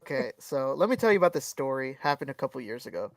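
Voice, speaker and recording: A podcast co-host with a medium-pitched voice talks fast, telling a story in casual chat, cursing freely and acting out what people said with animation. He's far from the mic, though there's no echo.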